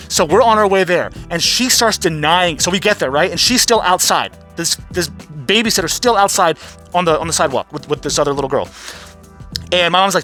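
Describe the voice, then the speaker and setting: A man's voice: sits high, sing-song, moderate pace, fairly bright tone, faint music behind. A man hosting his vlog, telling a casual, profane, rambling story and acting out what people said. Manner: profane, rambling, acts out quotes. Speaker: vlogger host.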